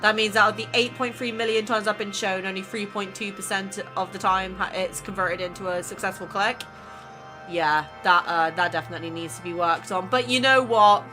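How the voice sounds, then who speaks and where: A woman casually chatting as a YouTube creator, excitable and full of exclamations as she goes over her channel. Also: mid-range voice, a little fast, over music. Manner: excitable, exclaiming, laughs between remarks. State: emotional, near tears. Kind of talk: casual vlog chat reviewing channel stats.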